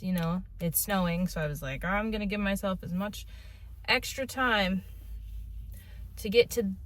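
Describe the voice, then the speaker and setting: A woman in her twenties chatting casually on a book vlog, gushing and repeating herself. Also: on the low side. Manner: gushing, repeats herself, says "dude" and "y'all". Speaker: book vlogger. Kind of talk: casual reading vlog chat. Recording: loud background noise, distant from mic.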